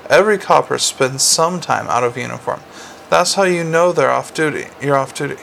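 Man doing a nosy coaxing vampire cop girl, gravelly, slight hiss behind. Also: mid-range voice, normal speed, fairly bright tone. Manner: probing, coaxing. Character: prying, teasing young vampire policewoman.

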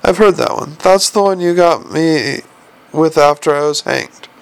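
A man's voice: fairly high pitch, unhurried, clear, resonant tone. A man voicing a restless, cornered young ex-swindler who talks in an agitated, defensive, exasperated way in an audiobook reading.

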